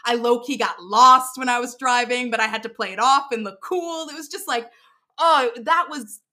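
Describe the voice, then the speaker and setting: A young woman chats casually as an interview guest, talking in bursts full of "like" and quick restarts. Her voice sits a little high and sounds very bright. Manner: animated storyteller, many fillers and restarts.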